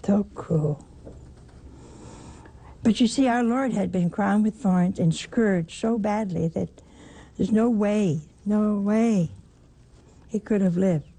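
A woman's voice: medium pitch, warm tone, breathy edge. An older woman preaching a sermon, emphatic, asking rhetorical questions and repeating her phrases.

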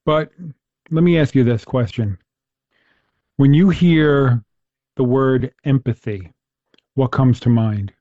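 Earnest man speaking in a mellow voice. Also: medium pitch, takes it slowly, pauses often, no echo, dull audio. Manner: earnest, storytelling, with frequent restarts. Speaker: host. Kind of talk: casual faith conversation.

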